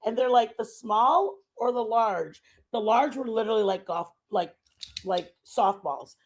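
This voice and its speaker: A woman streaming a casual chat, telling a rambling travel story in an animated way and laughing often. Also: a little high, a little slow, a little hiss or hum. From Texas. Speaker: stream host.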